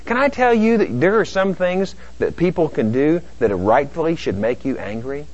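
A middle-aged man preaching with a lively, swooping delivery that climbs high when he plays out arguments. His voice sits a little high for a man. The recording sounds dull and lo-fi. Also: moderate pace. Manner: animated preaching, acting out both sides of dialogues. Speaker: pastor. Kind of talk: sermon.

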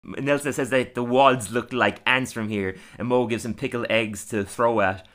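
A man's voice: medium pitch, steady tone, moderate pace, fairly bright tone. A young man co-hosting a casual review podcast, chatty, often laughing and acting out quoted lines. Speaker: podcast co-host.

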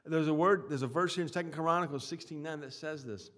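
Male pastor, sermon delivery, voice a touch high, emphatic, repeats himself. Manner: emphatic preaching with swings in loudness and pauses; repeats words and restarts phrases.

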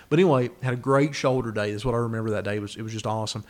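A man's voice: mid-range voice, rapid-fire, darkish tone. A man from the co-hosting a podcast, telling a rambling story with swearing in casual chat. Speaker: podcast co-host.

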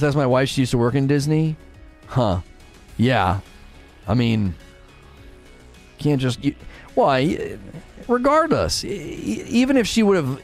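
On a live stream, a man plays a game and chats casually, reading viewer messages out loud and responding. His manner is chatty, with animated swings in pitch.

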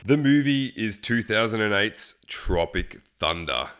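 A man's voice: on the low side, clean tone. A young man, chatting casually and swearing a lot as he rambles about movies he likes. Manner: rambling, sweary, animated, quick impressions. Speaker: podcast host. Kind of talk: casual solo movie chat.

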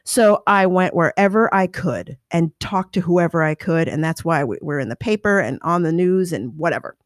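Animated woman telling her own story. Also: on the low side, moderate pace, dry recording, studio quality. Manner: animated, acts out quoted voices, restless self-correcting. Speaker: business owner and motivational speaker. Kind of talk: personal storytelling talk.

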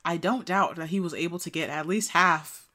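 A woman co-hosting a podcast in casual chat, animated and swearing, with many "like" fillers and frequent laughter. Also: fairly low pitch, moderate pace. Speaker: podcast co-host.

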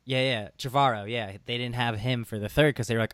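A man co-hosting a casual podcast chat, animated fan banter with free swearing. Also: medium pitch, fairly quick, no echo. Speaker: podcast co-host.

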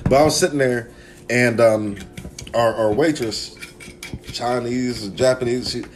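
A man's voice: mid-range voice, measured pace, background noise. A man hosting a casual group podcast chat, telling stories with lots of swearing and laughter. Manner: profane, laughing storyteller. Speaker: podcast host.

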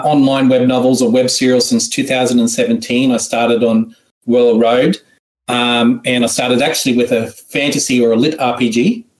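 A man with an Australian accent hosts an online writing seminar in a casual, joking, rambling way with frequent restarts. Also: mid-range voice. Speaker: seminar host. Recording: roomy echo.

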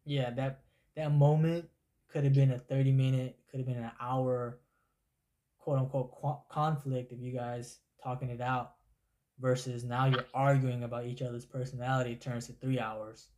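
A man at a middling pitch, chatting casually. He tells anecdotes in an animated way, swears a lot, and acts out little voices. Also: moderate pace. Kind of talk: casual chat.

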